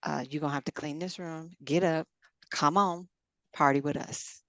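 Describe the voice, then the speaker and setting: A woman's voice: low-pitched, steady tone, normal speed, fairly bright tone, dry recording. A middle-aged woman in casual chat, telling stories and quoting others in dialogue as a podcast co-host.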